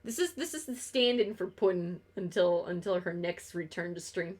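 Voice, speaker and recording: A woman's voice: lowish voice, moderate pace, hardly any pauses, a little mellow. A young woman streaming a game, chatting casually in a rambling, sarcastic and profane way, laughing often. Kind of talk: casual chat while gaming on stream.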